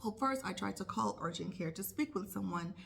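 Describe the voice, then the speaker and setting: A woman's voice: mid-range voice, expressive, fairly quick, gravelly, fairly bright tone. A woman who is a nurse, telling a casual vlog story and acting out her own thoughts in quotes. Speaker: nurse vlogger.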